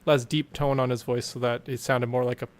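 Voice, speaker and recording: A man's voice: medium pitch, level tone, a little fast. A man co-hosting a podcast, chatting casually about a movie, easygoing and agreeable, often trailing off mid-thought. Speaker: podcast co-host. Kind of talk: casual movie review chat.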